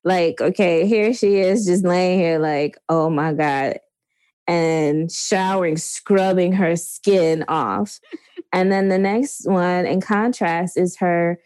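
A woman's voice: fairly low pitch, steady tone, slow, a little mellow, clean tone, no room sound. A woman co-hosting a casual movie chat podcast, laughing often as she talks. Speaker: podcast co-host.

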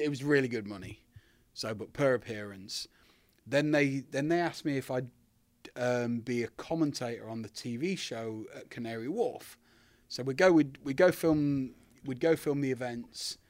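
A man's voice: mid-range voice, a little slow, no room sound. A British man, a former wrestler, telling stories as a guest and laughing often. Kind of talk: casual storytelling.

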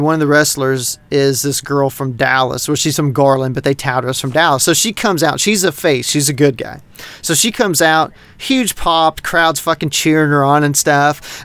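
A middle-aged man from North Texas rambles through a casual podcast chat, swearing constantly. His voice sits a little high for a man and comes across smooth and clear. The sound is dry and close. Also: dry recording. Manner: rambling, heavy swearing, animated. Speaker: podcast co-host.

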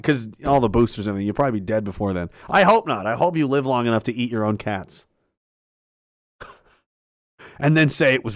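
Man, angry profane rant, sarcastic, lively pitch, shouted outbursts, dry sound. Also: dry recording.

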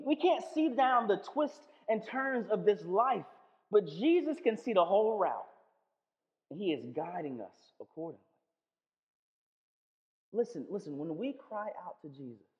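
A man preaching a sermon in a conversational, playful way, swinging between loud and hushed. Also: high voice, sing-song, moderate pace, long reverb tail, muffled recording.

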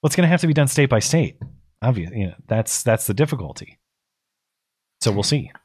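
A man's voice: medium pitch, big pitch swings, brisk, a little mellow, husky. A man co-hosts a casual talk show, his voice tired and going. He reads out viewer messages and comments on them, stumbling and restarting as he thinks aloud. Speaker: co-host.

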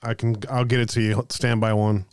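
A man's voice: lowish voice, level tone, brisk, darkish tone, clear, resonant tone, no echo, clean studio sound. A man hosting a livestream, chatting loosely to viewers with fillers and asides. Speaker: livestream host. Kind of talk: casual commentary over played clips.

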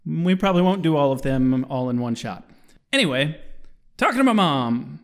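A male podcast host with a high, bouncy voice that swings widely in pitch. He jokes and laughs often while reading listener reviews aloud in easy, casual chat. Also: big pitch swings, moderate pace.

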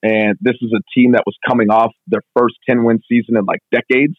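A strength coach being interviewed, telling stories in a fast, casual way full of "like". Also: male voice, mid-range voice, level tone, no echo. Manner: fast, filler-heavy, constant "like". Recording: tinny phone-like line, dry.

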